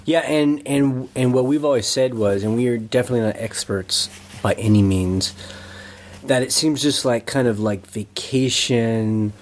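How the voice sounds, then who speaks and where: Co-host, man, mid-pitched, easygoing, casual, repeats words as he thinks. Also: moderate pace. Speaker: podcast co-host. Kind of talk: casual chat.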